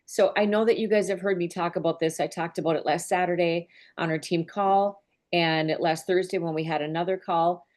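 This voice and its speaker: A woman's low-leaning, darkish voice comes through steady in tone and a little fast. She is a business mentor on a group call with her team, speaking earnestly and with open emotion in a conversational manner.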